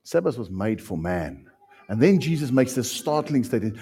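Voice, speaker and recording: A South African man preaching a sermon with passion, swinging from loud outbursts to hushed lines. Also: medium pitch, big pitch swings, normal speed, breathy edge. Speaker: pastor.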